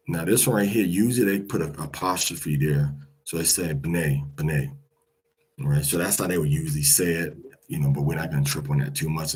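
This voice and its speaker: A man's voice: extremely low pitch, a little mellow, slightly rough. A man teaching a language lesson, patiently repeating each pronunciation several times.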